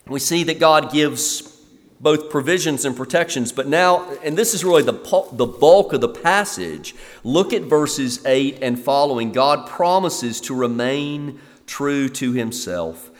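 An earnest pastor preaches a sermon, his pitch and volume climbing for emphasis whenever he quotes scripture. The recording carries the long reverb of a hall.

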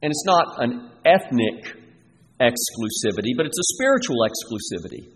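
A man preaching an expository sermon, emphatic and measured, often restarting his phrases. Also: mid-range voice, very animated. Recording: long reverb with faint noise.

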